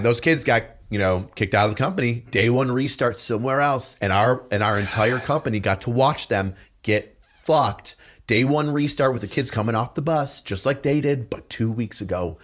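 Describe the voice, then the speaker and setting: A man telling stories on a podcast as a guest, animated and profane, with loud outbursts when he quotes other people. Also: medium pitch, moderate pace. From New York. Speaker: podcast guest, police detective and drill sergeant. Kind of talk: casual storytelling.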